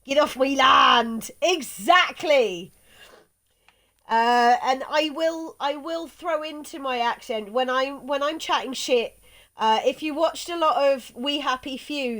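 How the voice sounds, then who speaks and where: A woman with a Somerset accent and a slight lisp on her S sounds, chatting casually and rambling while streaming a game. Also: sits high. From South West England. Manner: chatty, rambling, laughs often. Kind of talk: casual chat while gaming.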